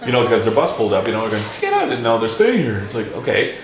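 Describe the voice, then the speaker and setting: Animated swearing male pub storyteller. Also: mid-range voice, fast talker. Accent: Canadian. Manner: animated, swearing, lots of fillers and restarts. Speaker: talk show host. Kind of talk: casual storytelling. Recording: very echoey pub room.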